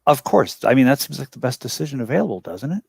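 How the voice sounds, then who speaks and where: A man's voice: medium pitch, big pitch swings, fast talker, gravelly, darkish tone, husky, no echo. A man playing a character in a tabletop game, talking in a wry, playful way. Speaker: player.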